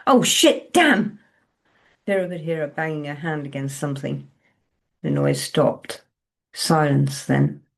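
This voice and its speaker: Slow, low-voiced woman reading her novel. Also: fairly even intonation, gravelly, a little mellow. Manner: slow, measured, low-key. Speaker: author.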